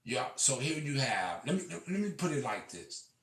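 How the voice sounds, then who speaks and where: A man delivering an impassioned, profane monologue that swings between shouting and quiet, restarting words as he goes. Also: medium pitch, sing-song, normal speed. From Illinois. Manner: profane, repeats himself. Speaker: storyteller. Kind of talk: preaching monologue. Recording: echoey room, far from mic.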